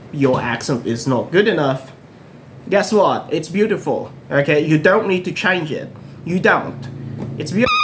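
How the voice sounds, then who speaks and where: Filipino guy in his 30s, slow and earnest, keeps repeating stuff, noisy background. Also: on the high side. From Philippines. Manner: earnest, encouraging, repeats himself for emphasis. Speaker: English-learning vlogger. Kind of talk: earnest direct-to-camera talk.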